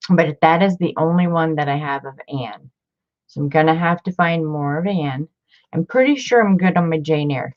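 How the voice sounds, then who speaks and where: Low-voiced chatty woman vlogger. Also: muffled recording. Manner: chatty, gushing over finds. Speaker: book collector showing her collection. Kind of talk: casual vlog show-and-tell.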